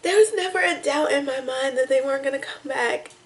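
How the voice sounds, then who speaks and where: A young woman vlogging to camera, emotional and tearful, talking in halting, rambling sentences full of restarts. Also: sits high, low-quality recording. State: tearful, crying on and off. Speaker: vlogger reacting to music. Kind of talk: casual emotional talk to camera.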